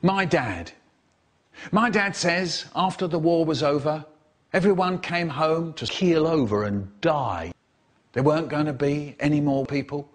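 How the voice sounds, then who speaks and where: Cut into a comedy remix, a man's animated, theatrical storytelling brings quoted characters to life with sudden high squeals and quiet, hushed drops.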